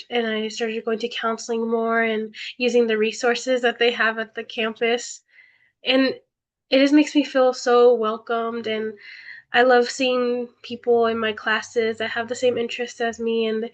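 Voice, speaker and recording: A woman's voice: fairly high pitch, little pitch movement, measured pace. Shy young woman student, lo-fi audio. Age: young adult. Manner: hesitant, soft, many fillers. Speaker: community college student panelist. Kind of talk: personal story on a panel.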